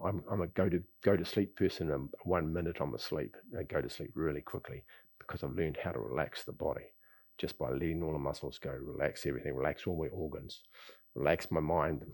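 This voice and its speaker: A man teaching a qigong class, talking in an easygoing, rambling way with sighs and soft chuckles. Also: a bass voice, husky. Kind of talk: relaxed spoken class talk. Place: lives in Bali.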